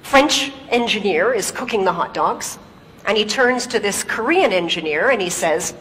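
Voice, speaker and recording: A woman's voice: fairly high pitch, moderate pace, slight background noise. Woman speaker in a reverberant hall. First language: English. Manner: lively storytelling, rhetorical questions to the audience. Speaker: public speaker. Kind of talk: stage talk.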